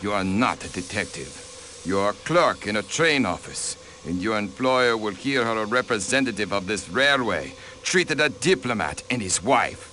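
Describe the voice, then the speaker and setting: A proud count and diplomat in an adventure game. His voice is lowish but swings widely, and he sounds cool and dismissive, with faint hiss in the background. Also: expressive, moderate pace, bright, forceful tone. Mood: haughty. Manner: haughty, dismissive. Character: haughty aristocratic diplomat, count. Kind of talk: voice acting in a video game.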